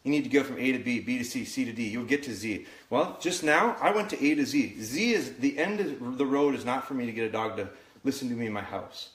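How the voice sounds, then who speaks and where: In his home kitchen, a male dog trainer runs a live training demonstration, talking to viewers in a medium-pitched, a little fast, slightly bright voice. He's candid and coaches them directly amid echo and faint background noise.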